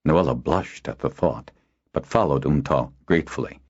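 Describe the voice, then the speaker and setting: A man narrating a fantasy audiobook in a measured, expressive storytelling manner. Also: very deep voice, slightly rough. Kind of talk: scripted narration. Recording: dull lo-fi audio.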